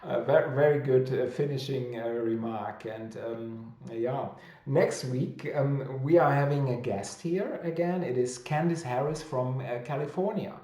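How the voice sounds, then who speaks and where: A man's voice: mid-range voice, unhurried, mellow, echoey room. A man with a thick German accent hosting a casual livestream chat, reading out viewer comments with many fillers and restarts. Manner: hesitant with many fillers and restarts, laughs easily. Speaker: host of a weekly publisher chat.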